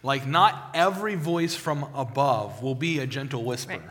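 A man's voice: mid-range voice, normal speed, fairly bright tone. Man preaching in a reverberant church. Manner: conversational, many restarts and repeated words. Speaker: pastor. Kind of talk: sermon with personal testimony. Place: church sanctuary. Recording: long hall reverb.

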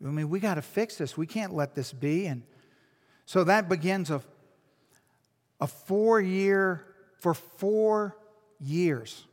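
A man's voice: sits high, slow pace, long pauses, long reverb tail. A man preaching a sermon as a pastor, telling a story with earnest, emphatic repetition. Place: church.

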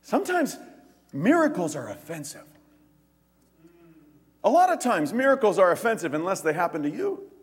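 A pastor with a high-sitting voice preaches, and the room leaves a long reverb tail. His sermon is full of animated stories, with the quoted lines acted out in quick voices.

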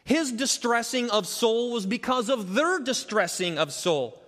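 A man's voice: expressive, a little slow. Man preaching in a reverberant hall. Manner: swings from quiet, low earnest teaching to loud, high-pitched rhetorical questioning. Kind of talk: sermon.

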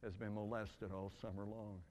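Older man, earnest halting storyteller, reverberant hall. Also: on the low side, level tone, darkish tone, slight background noise. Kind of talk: spoken testimony. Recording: long reverb in a large hall.

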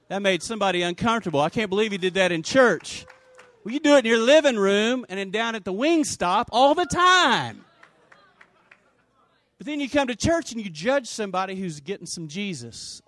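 Male pastor, high lively voice, dry close sound, energetic sermon delivery with shouts. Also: brisk, no echo. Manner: animated preaching with shouts and call-and-response.

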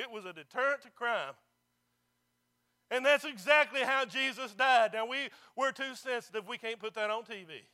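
A man's voice: very high-pitched, moderate pace, sharp tone, clear, resonant tone. A man pastor preaching a sermon, emphatic and calling on the congregation for amens. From not local to the congregation.

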